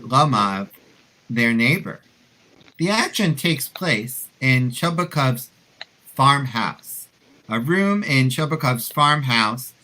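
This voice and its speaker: A man's voice: mid-range voice, pushed and bright, slight background noise, rough recording. A man hosting a live video-call play reading, chatting jokily between scenes and reading stage directions. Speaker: host and stage-direction reader.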